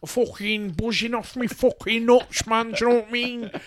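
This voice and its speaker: A man's voice: extremely high pitch, fairly even intonation, normal speed, fairly bright tone, voice pushed up. A man doing an impression of a grumbling middle-aged male singer in a mumbling, swearing, slurred rant.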